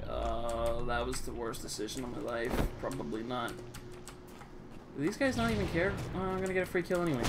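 A young woman giving gameplay commentary, dropping into low muttered asides and then breaking into excited, swearing shouts. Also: a little fast, music in the background. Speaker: gamer. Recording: game sounds loud behind voice.

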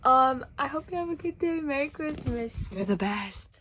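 A young woman opening gifts on camera with gasping, gushing excitement. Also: sits high, moderate pace, slight background noise. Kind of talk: casual vlog chat.

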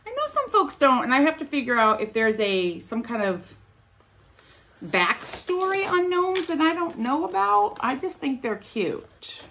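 A woman's voice: sits high, sing-song, measured pace, a bit bright, slight background noise. A woman vlogging as she opens gifts, gushing and gasping with delight. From United States. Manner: gushing, gasping, breathy exclamations. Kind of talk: casual unboxing chat.

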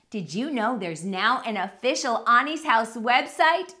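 A woman reading a picture book aloud to children in an animated, sing-song manner. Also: a little high, unhurried, hardly any pauses. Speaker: children's storyteller.

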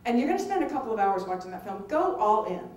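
A woman's voice: on the high side, quick pace. Middle-aged woman telling a story in a roomy hall. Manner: lively, conversational, acts out other people's lines. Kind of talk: personal anecdote told to an audience. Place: film festival venue. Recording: roomy, distant mic with faint ambience.

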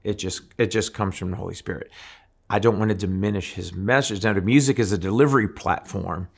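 Interview guest: lowish, gravelly man from New Orleans, lively storyteller who acts out voices. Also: brisk. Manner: animated storyteller, acts out voices in his anecdotes. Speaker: guest musician.

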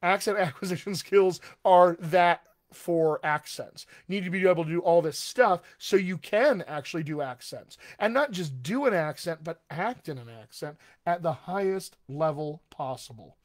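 A man's voice: fairly high pitch, animated, moderate pace, few pauses. A man working as a dialect coach, giving a live-streamed talk in an upbeat, conversational way and speaking straight to his viewers.

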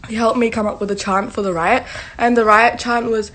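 A woman's voice: fairly high pitch, steady tone, a little fast, a bit bright. A young woman vlogging in a gushing, breathless and emotional casual way. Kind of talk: excited casual vlog.

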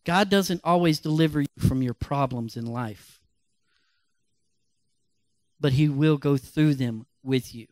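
Animated high-voiced male pastor. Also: a little slow, pauses often, dry recording. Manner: animated, emphatic preaching. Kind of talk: sermon storytelling.

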